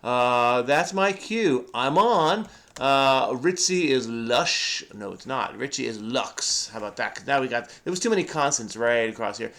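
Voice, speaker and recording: Middle-aged male host, mid-pitch voice, casual and playful, thinks aloud while solving a crossword. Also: animated, normal speed, a bit bright. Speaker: crossword solver. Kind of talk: casual solo crossword commentary.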